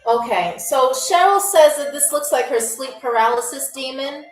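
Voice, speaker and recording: A woman hosting a live-stream game show in a high voice, teasing viewers and answering them sarcastically. The recording has an echoey room around her. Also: normal speed, faint music behind.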